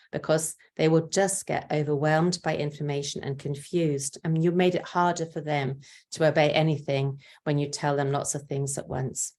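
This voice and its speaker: Calm and patient, a parenting speaker, an older woman whose voice is low and grounded, gives advice to parents. Along the way she acts out short lines a parent might say to a child.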